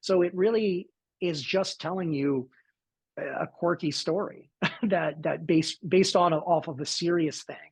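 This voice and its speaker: A man from the Southern United States with a Southern accent, answering interview questions in a thoughtful, halting way with many restarts. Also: on the high side, gravelly, husky, no room sound. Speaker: actor interviewed about his film.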